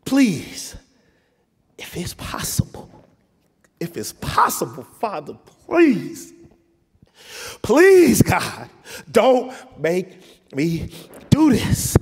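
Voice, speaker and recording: A man preacher acting out a desperate man crying out and begging in prayer, strained and loud, with a long church reverb. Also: high-pitched, huge pitch swings, drawn-out words, gravelly, slightly rough, voice pushed up, full character voice. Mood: anguished pleading. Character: anguished man pleading in prayer, desperate and broken.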